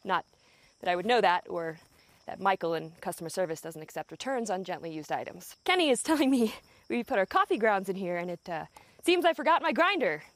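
Young woman, comedy vlog host, outdoors, profane, sarcastic, exasperated, lively pitch. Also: brisk, dry recording. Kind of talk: scripted comedic vlog narration. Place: outdoors in the countryside.

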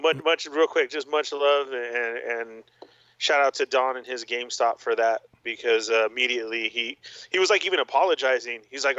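Bright-voiced man on a dull mic. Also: medium pitch, fairly quick, no room sound. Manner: animated, laughing storyteller. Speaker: podcast co-host. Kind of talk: casual chat about toy collecting. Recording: dull lo-fi sound.

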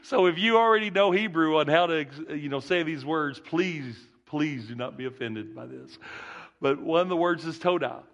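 Male preacher, Southern country accent, gravelly fry, folksy and repetitive in delivery. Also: a little high, normal speed, fairly bright tone, highs cut off. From rural Texas. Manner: folksy, repeats key phrases, restarts often. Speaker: guest preacher. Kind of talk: sermon.

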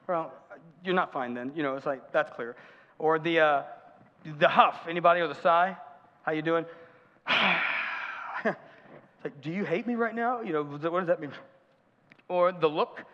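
A man's voice: on the high side, a bit bright. Male pastor, casual sermon, jokey asides, echoey sanctuary. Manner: conversational preaching with asides and humor. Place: church sanctuary. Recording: muffled church hall reverb.

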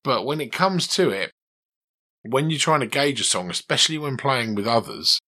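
Guy teaching guitar, bright voice, chatty and coaching. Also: mid-range voice, lively intonation, normal speed. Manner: chatty, coaching, asks questions. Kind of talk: conversational one-to-one lesson.

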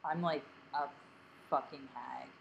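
A woman co-hosting a casual podcast, her voice sitting low and a little grating. She rambles through fillers and self-deprecating asides, and a faint hiss of noise runs under the recording. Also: steady tone, slow, gravelly, dull audio. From Delaware County, Pennsylvania. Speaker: podcast co-host.

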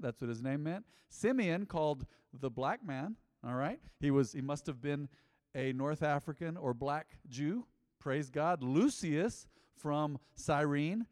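Male pastor, lively interactive sermon, teasing the crowd; close dry mic in a reverberant church. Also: a little high. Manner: lively, jokes with the congregation, repeats answers.

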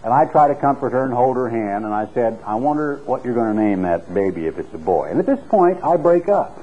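A man's voice: expressive, brisk, a little hiss or hum. Earnest male preacher on tinny radio. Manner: earnest, storytelling, rises in pitch for emphasis. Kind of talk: sermon. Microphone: clip-on microphone. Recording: tinny phone-like radio recording.

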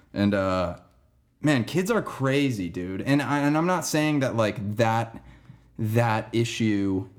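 A young man hosting a podcast, telling a story in a rambling, laid-back way and saying "dude" and "man" a lot. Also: lowish voice. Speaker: podcast host. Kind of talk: casual storytelling monologue.

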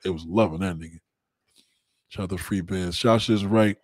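Profane, rambling streamer man, low voice. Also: normal speed, slightly rough, dry recording. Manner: profane, rambling street talk with shout-outs. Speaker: livestream host. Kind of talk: casual livestream chat with viewers.

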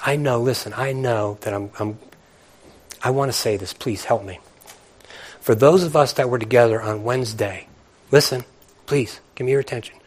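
A man's voice: mid-range voice, normal speed, long pauses, a little mellow, slightly rough. A man preaching a sermon to his congregation, fervent and repetitive, with playful asides to listeners. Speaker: pastor.

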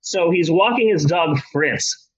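A man retelling history for comedy in a casual, profane, animated way. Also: a little high, a little slow, poor audio. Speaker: comedy storyteller.

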